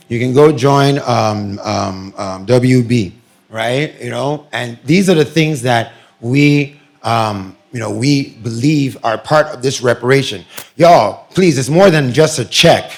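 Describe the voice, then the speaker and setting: A man giving a lively, joking presentation to an audience at a community meeting. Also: mid-range voice, vocal fry. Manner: animated, joking, addresses crowd directly.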